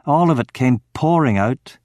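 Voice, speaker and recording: A man's voice: medium pitch, expressive, normal speed, no echo, studio quality. Man narrating a dramatic audiobook. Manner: dramatic, acts out the shouting dialogue.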